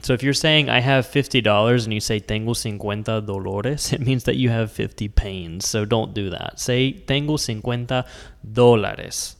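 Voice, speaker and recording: A man from the United States teaching Spanish words in a patient, explaining lesson, slowing down to spell out each word. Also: on the low side, fairly bright tone, big-room sound. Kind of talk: scripted language lesson.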